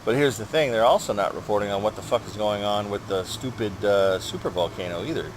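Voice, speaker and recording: A man's voice: lowish voice, brisk, noisy background. A man hosting a gaming channel, rambling through a personal update while he plays, swearing often and ranting with frustration.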